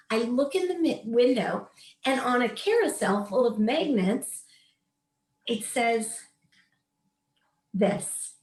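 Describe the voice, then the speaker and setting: A woman in her late fifties speaks as a wellness coach, earnest and emphatic as she shares an inspirational personal story. Her voice sits a little high. The recording carries a noticeable room echo. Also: darkish tone. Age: 50s. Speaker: wellness coach leading a meditation session. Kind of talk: heartfelt storytelling and coaching talk.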